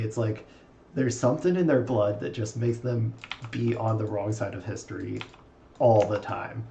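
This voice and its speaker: Male co-commentator, low fry-heavy voice, sarcastic, laid-back. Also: normal speed, dark tone, muffled recording. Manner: dry, sarcastic jokes, laughs a lot. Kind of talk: casual reaction chat.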